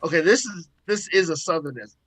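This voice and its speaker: A man with a Southern US accent talks in a relaxed, folksy way on a casual podcast. His voice sits fairly high for a man. The recording is close and dry. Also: a little fast, no echo. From American South. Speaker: podcast co-host. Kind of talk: casual chat.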